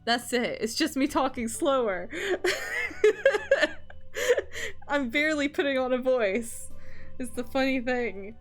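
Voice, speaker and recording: A woman's voice: high-pitched, slow, pauses often, faint music behind. Rambling young woman streamer, laughing. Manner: rambling, laughs often, swears casually, many fillers. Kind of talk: casual chat while drawing on stream.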